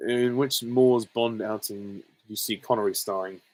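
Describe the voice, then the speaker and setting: Casting: male streamer, lowish voice, casual candid Q&A, dry close mic. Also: steady tone, moderate pace, a little mellow, no room sound, poor audio. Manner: chatty, reads questions aloud then answers candidly. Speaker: host of a live Q&A stream. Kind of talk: casual chat answering viewer questions.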